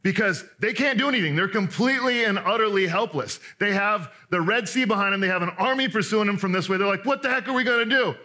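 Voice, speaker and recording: A man preaching a sermon in an animated, conversational way, restarting often and acting out the people he quotes. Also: high-pitched, quick pace, few pauses. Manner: acts out quoted speakers in voices. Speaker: pastor.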